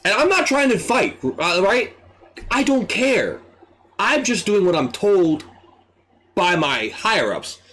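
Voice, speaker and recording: A young man tells a story casually, his voice climbing and falling with lively energy. He sits a little high in pitch for a man and acts out what people said. He swears freely. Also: takes it slowly. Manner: animated, excitable, swears freely, acts out quotes. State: dry throat. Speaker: streamer.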